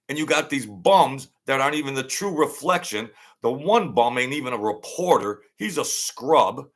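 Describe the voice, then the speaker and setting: Reading his livestream chat aloud, a middle-aged channel host reacts bluntly and with mockery, repeating himself and going off on loud rants that end in laughter. His voice is mid-range.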